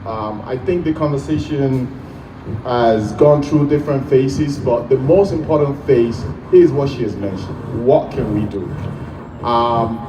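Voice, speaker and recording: A man's voice: mid-range voice, measured pace. A man from Nigeria speaking at an outdoor rally, hesitant and full of fillers. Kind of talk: speech at a rally. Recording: distant echoey mic with crowd noise.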